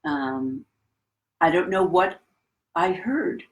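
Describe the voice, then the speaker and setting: A woman's voice: mid-range voice, expressive, takes it slowly, vocal fry, rough recording. A middle-aged woman, a conductor, telling a reflective anecdote in a casual interview. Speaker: guest, orchestra conductor.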